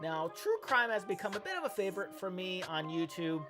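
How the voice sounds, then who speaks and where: A man's voice: sits high, big pitch swings, brisk, music in the background. A man hosting a reaction channel, giving an upbeat, chatty intro and plugging his channel with the odd filler. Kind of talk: casual video intro and channel promo.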